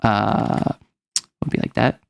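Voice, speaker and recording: A man's voice: slow, no echo, clean studio sound. A man chatting casually as a game master, rambling and self-correcting, with lots of "like" as filler. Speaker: game master recounting a campaign. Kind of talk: casual chat.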